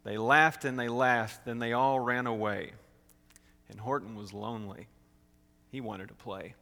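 A man reading a rhyming storybook aloud, rhythmic and expressive, his voice gravelly with a bright, forceful ring. The sound carries a long hall reverb. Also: medium pitch, unhurried.

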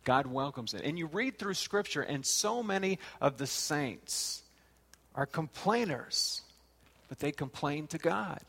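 A man's voice: a little high, animated, a little slow, fairly bright tone. A man preaching a sermon and reading scripture aloud, his voice rising and falling. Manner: rises and falls, reads scripture aloud. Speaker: pastor. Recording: long hall reverb.

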